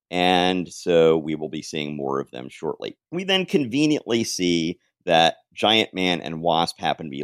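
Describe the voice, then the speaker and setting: A man's voice: sits low, no room sound, clean studio sound. A man co-hosting a podcast, recapping a comic book in casual chat and acting out the characters' lines now and then. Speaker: podcast co-host.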